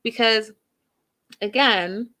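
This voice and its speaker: A woman's voice: fairly high pitch, extremely slow, bright, forceful tone. A woman hosting a TV recap, talking emphatically with rhetorical questions and repeated phrases. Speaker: host. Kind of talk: TV show recap and commentary.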